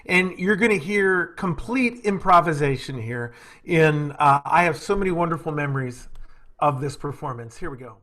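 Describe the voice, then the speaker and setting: A man in his fifties with a Southern US accent hosts a relaxed chat over a video call. His voice is high and bright, and he talks in an easygoing way. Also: normal speed. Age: 50s. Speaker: host. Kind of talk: casual interview chat.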